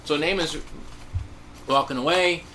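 A man preaching a sermon, telling a story with animated delivery and acted-out quotes. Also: a little high, measured pace, a little hiss or hum.

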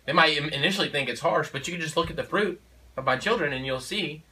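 A man's voice: a little high, quick pace, pushed and bright, recorded from a distance, a little hiss or hum, low-quality recording. A man and father of four speaking in a casual conversation, in an emphatic, preachy way with frequent "you know" and "okay?". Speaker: father of four sharing parenting views.

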